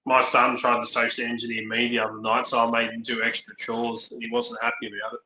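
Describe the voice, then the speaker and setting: A man's voice: medium pitch, monotone, fast, bright, forceful tone, slight background noise. A man chatting casually on a podcast, rambling through stories with lots of ums and acting out the dialogue. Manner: rambling anecdotes, frequent ums, acts out dialogue. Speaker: podcast co-host. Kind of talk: casual chat, storytelling. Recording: roomy echo.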